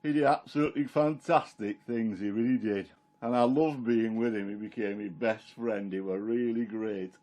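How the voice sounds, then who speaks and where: A man's voice: fairly low pitch, steady tone, normal speed, a little mellow, natural voice. Peter the fisherman, plain-spoken and chatty , played by a man, first-person monologue. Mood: fond. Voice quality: homely dialect storytelling, plain and chatty. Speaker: Christian storyteller in character.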